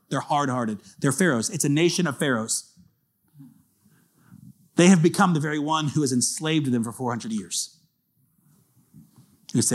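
A man preaching a sermon as pastor, chatting casually, then reading scripture slowly and building to shouted intensity. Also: a little high. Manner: reads scripture slowly and dramatically.

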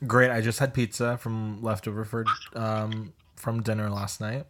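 Low-key man with a lowish voice. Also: flat delivery, normal speed, a bit bright. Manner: low-key, brief replies. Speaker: podcast co-host. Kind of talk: casual chat.

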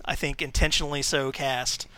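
Bright, clear-voiced man chatting. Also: mid-range voice, moderate pace. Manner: relaxed, chuckling, trails off. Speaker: guest, games editor. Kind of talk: casual podcast chat.

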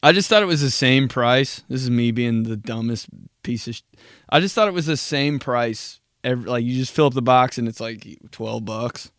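Young man, podcast host, crude and animated, mid-pitch voice, dry close mic. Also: moderate pace, no echo. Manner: crude, animated, swears a lot. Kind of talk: casual solo podcast rant.

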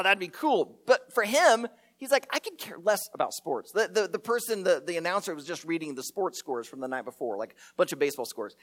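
A male pastor delivers a sermon, his pitch rising and falling in an animated way. He tells stories and acts out the quoted voices in them.

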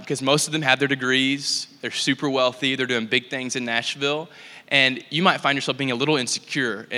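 A young man giving a casual, animated story-filled talk in church, full of likes and ums. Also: medium pitch. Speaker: church speaker. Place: church hall. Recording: long hall reverb.

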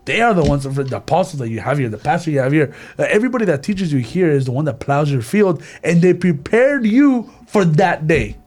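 A man's voice: fairly high pitch, brisk, few pauses, soft background music. Slangy young man talking Bible study. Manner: animated, slangy, full of fillers and restarts. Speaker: church youth group member. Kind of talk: casual group Bible discussion.

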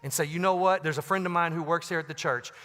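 A man preaching from a church stage with a bright, forceful voice pitched a little high. He swings between loud, punchy emphasis and quiet asides. The sound carries a long reverb through the hall. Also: steady tone, quick pace. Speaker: pastor. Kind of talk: sermon. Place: large church auditorium.

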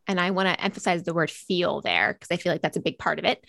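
A woman hosting a business podcast, reading a scripted intro and then leading the talk in an upbeat, measured way. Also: on the low side, vocal fry, a bit bright, no echo, clean studio sound. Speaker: podcast host.

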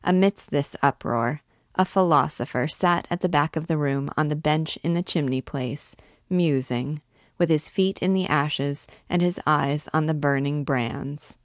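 A woman reading a classic novel aloud in measured, clear narration. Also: deep voice, dry recording, clean studio sound. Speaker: reader. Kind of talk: literary read-aloud.

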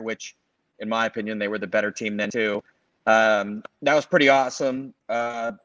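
A man's voice: medium pitch, no room sound. A man in his forties from the Los Angeles area rambles through sports memories as a podcast co-host, stacking fillers and restarts. His mid-range voice comes through a dry, slightly muffled lo-fi recording. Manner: rambling, filler-heavy, animated storytelling. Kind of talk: casual sports chat.

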